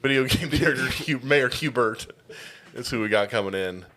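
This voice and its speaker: A man guest on a comedy podcast, rambling and overconfident as he pitches a festival. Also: normal speed, pushed and bright. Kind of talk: improvised comedy chat.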